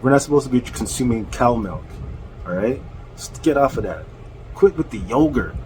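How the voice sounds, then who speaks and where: A man hosting a confrontational rant, mocking his opponent, laughing often and talking slowly and deliberately. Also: mid-range voice, animated, darkish tone, a little hiss or hum, poor audio. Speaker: channel host.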